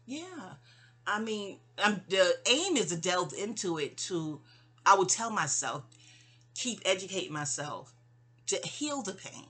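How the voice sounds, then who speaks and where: A breathy, husky-toned woman from New York talks straight to her mother in a loose personal monologue. She wanders off on tangents, restarts sentences and catches herself digressing, often sinking to a soft, near-whispered level. Her pitch sits in an ordinary middle range for a woman. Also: very animated, a little slow. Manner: rambling and digressive, many restarts and asides. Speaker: vlogger.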